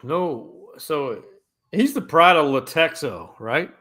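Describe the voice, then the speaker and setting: A man's voice: on the high side, expressive, slow, fairly bright tone. A man, teasing the others and asking questions in casual podcast talk. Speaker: podcast co-host. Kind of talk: casual chat.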